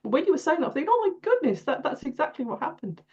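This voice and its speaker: A woman's voice: sits high, very animated, fast, darkish tone, lo-fi sound. An older woman telling her own story over a video call, chatty, repeating herself and laughing often. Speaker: participant. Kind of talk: casual storytelling.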